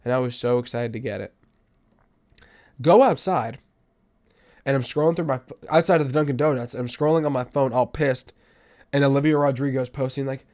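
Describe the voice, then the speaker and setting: A young man hosting a podcast, telling stories in a casual monologue that swings from loud outbursts to low mutters. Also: fairly quick. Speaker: podcast host.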